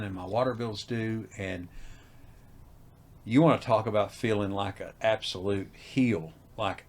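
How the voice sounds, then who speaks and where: A middle-aged man, telling a story as an interview guest and acting out the voices in it. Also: fairly low pitch. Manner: animated, acts out quoted dialogue. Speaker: haunted house owner, guest.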